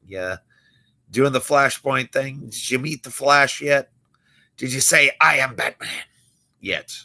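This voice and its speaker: Bright-voiced young man telling stories. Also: medium pitch, slow pace. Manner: storytelling, acting out quoted people. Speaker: magician and livestream host. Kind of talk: casual late-night livestream chat.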